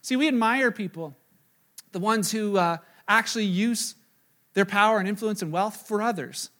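A middle-aged male pastor with a fairly high voice preaches to his congregation. He tells stories with animated energy, acts out what he said and thought, and pokes fun at himself along the way. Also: normal speed. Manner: animated storytelling, acts out his own quoted lines, self-mocking. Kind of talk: sermon with personal story.

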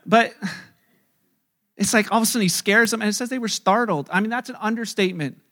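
A middle-aged male pastor preaching a sermon, telling the story with lively acted-out scenes and chuckling as he talks. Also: sits high, fast talker. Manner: chuckles while talking.

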